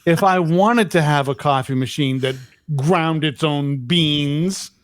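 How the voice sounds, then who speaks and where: Middle-aged male podcast co-host, rambling profane storyteller, slightly high pitch. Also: slow pace, no echo, clean studio sound. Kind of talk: casual chat.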